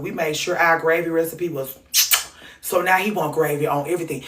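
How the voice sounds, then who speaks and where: A woman hosting a comedic monologue, ranting in a sassy, animated way with mock-sweet asides. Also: sits low, a little fast, distant mic. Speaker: host.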